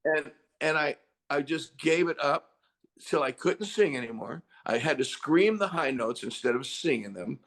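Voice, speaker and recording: An older man, a rock singer, chatting as an interview guest and telling stories with lively acted-out quotes. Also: on the high side, normal speed. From United States. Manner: animated storyteller, acts out quotes loudly. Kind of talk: casual interview chat.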